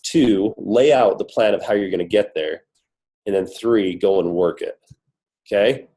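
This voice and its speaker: A man's voice: fairly low pitch, measured pace, warm tone, poor audio. A man with a cold giving an upbeat, emphatic motivational talk on a team coaching call, full of rhetorical questions. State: has a cold, voice worn. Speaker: corporate guest speaker on a team call.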